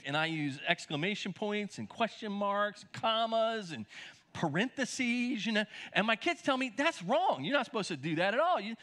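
A man's voice: a little high, bright, forceful tone. A middle-aged male pastor preaching a sermon in a conversational style, with restarts and asides to the congregation.

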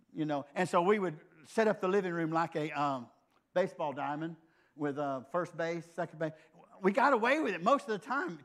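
Older preacher telling a story, fairly high voice. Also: male voice. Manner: conversational, earnest storytelling with frequent restarts. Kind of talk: sermon with personal storytelling.

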